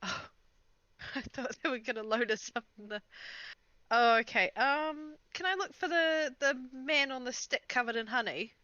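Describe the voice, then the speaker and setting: Bright-voiced woman tabletop player. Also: high-pitched, normal speed, no room sound, lo-fi sound. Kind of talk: tabletop game play.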